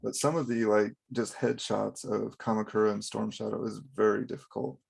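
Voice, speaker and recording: Gravelly-voiced man reviewing comics. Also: fairly low pitch, flat delivery, moderate pace. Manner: wry, laughing commentary. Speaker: channel host. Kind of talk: casual comic book review chat.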